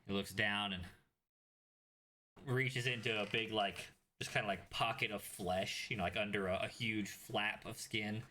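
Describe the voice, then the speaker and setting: Young male game master, low but bright voice, loose rambling narration full of fillers. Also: fairly even intonation, unhurried, a little hiss or hum.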